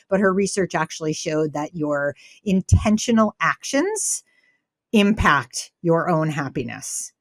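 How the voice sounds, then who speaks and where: A woman's voice: low-pitched, normal speed, no echo, clean studio sound. A woman guest in an interview, speaking with animation and acting out quoted dialogue as she tells stories. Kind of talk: conversational interview.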